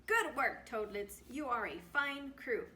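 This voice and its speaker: Woman voicing old male sea captain, gruff, lower voice, storybook, unhurried. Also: animated, sharp tone, a little hiss or hum. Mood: hearty.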